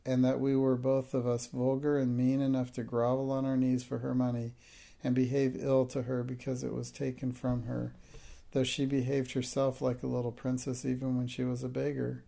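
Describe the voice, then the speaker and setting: A man's voice: mid-range voice, completely flat delivery, normal speed, gravelly, warm tone, natural voice. A man voicing a timid, tearful schoolmistress. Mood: tearful, hysterical. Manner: pleading, breaking into hysterical outbursts. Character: timid middle-aged schoolmistress, tearful and hysterical.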